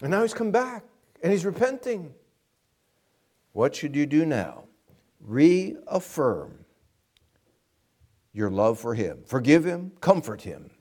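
A man's voice: a little high, wildly swooping pitch, slow pace, long pauses, a little mellow. A man preaching a sermon as pastor, earnest and emphatic, asking the congregation direct questions.

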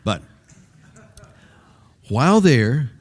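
A man's voice: mid-range voice, big pitch swings, very slow. An older man preaching a sermon in a rambling, conversational way, repeating and re-stressing his phrases. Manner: rambling, conversational, with restarts and varied emphasis. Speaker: pastor.

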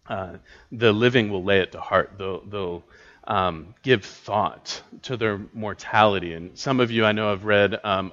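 A man's voice: lowish voice, fairly bright tone. Guy teaching a bible class, lots of ums and restarts, muffled lo-fi sound. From United States. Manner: thoughtful, halting, many filler words and restarts. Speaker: pastor teaching a church class. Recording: dull lo-fi recording.

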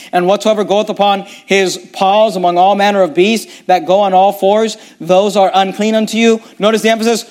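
A man preaching a Bible lesson, reading verses aloud and explaining them, often stumbling and restarting. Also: sits high. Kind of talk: bible teaching sermon.

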